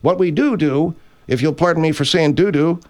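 A man's voice: fairly high pitch, normal speed, darkish tone, lightly acted. A man playing a blustery grocery-chain boss. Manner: blustery, rambling, self-correcting. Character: brash older male grocery chain owner hosting a radio show. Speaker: radio host character. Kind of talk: improvised comedy radio bit.

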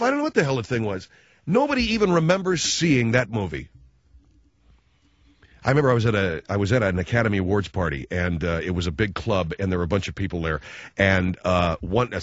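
A man riffs in a sarcastic, mocking comic rant, jumping from loud outbursts to low grumbling asides. His voice comes through dry and close, with a slightly dull, muffled sound. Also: no room sound.

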